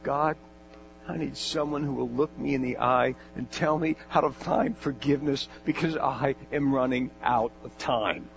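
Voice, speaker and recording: A man's voice: mid-range voice, normal speed, gravelly, lightly acted. A man voicing a desperate dying man who pleads for answers about forgiveness. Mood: pleading. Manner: pleading, agitated, insistent. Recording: dull lo-fi with mains hum.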